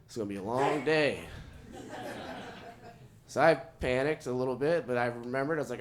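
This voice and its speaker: A man from Oklahoma performing a stand-up set, telling a story in a conversational way with deadpan asides. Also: mid-range voice, normal speed, pauses often, background noise. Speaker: stand-up comedian. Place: comedy show venue with audience.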